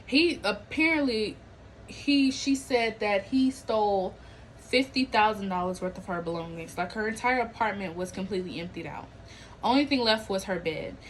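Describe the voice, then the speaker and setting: Speaking at medium pitch and a moderate pace, this woman hosts a podcast over slight background noise, with poor audio. She animatedly chats about celebrity and viral news, slangy and laughing often, acting out what people said.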